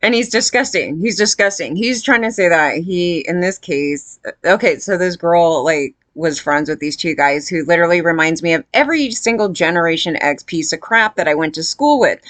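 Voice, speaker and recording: A woman's voice: lowish voice, lively intonation, normal speed, few pauses, a bit bright, no echo. Woman, casual commentary, blunt and rambling, dry close sound. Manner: blunt, disgusted, rambling with frequent fillers.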